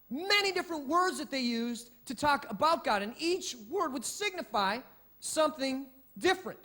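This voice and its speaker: A man preaching a sermon as pastor, in a lively, conversational way with frequent restarts. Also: very high voice.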